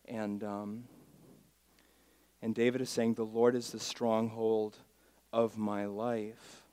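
A male pastor preaching a sermon, swinging from quiet asides to loud emphatic declarations and leading the congregation in call-and-response. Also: on the low side, little pitch movement, slow, clean tone, no room sound. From Miami, Florida.

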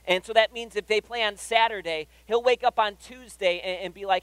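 A man's voice: high voice, a little fast, fairly bright tone, smooth, no room sound, poor audio. A man preaching a sermon in a church, conversational and often asking "right?". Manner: conversational, keeps checking in with "right?". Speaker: pastor. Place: church hall.

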